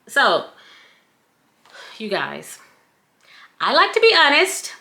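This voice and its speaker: A woman's voice: high-pitched, huge pitch swings, takes it slowly, vocal fry, pushed and bright. A woman with a Southern US accent, chatting playfully through a casual product review on her own vlog. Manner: chatty and playful, breaks into little sing-song bits. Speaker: scrunchie shop owner reviewing a product.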